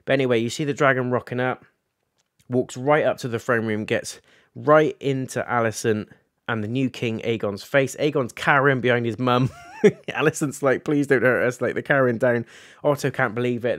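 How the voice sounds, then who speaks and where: A man's voice: medium pitch, normal speed, no echo, studio quality. A man gives a casual episode review, animatedly recapping scenes and acting out the characters' lines.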